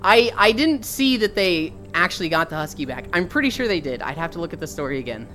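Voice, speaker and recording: A woman's voice: fairly low pitch, big pitch swings, fast talker, a bit bright, faint music behind. Chatty young woman streamer. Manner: chatty storyteller who laughs often. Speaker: livestreamer. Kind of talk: casual chat.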